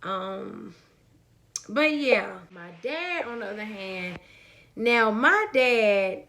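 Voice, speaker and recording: Bright-voiced young woman telling a story. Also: mid-range voice, animated, very slow, a little hiss or hum. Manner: chatty, rambling, addresses viewers as y'all. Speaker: vlogger. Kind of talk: casual story time to viewers.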